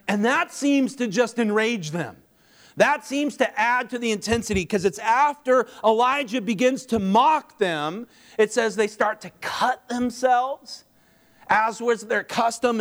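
High-voiced preaching man. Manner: animated preaching with mocking asides. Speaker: pastor. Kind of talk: sermon.

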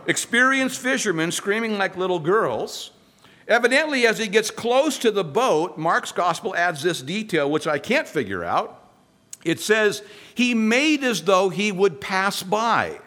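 A man's voice: high-pitched, sharp tone. A man preaching a sermon, retelling a scripture story with humor and acting out the voices of the people in it. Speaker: pastor.

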